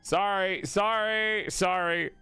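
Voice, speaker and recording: A man's voice: high voice, steady tone, slow, pushed and bright, clean tone. A man chatting on a live stream, swearing freely, laughing often and correcting himself as he goes. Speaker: streamer and game player. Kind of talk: casual live-stream chat. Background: faint game soundtrack music.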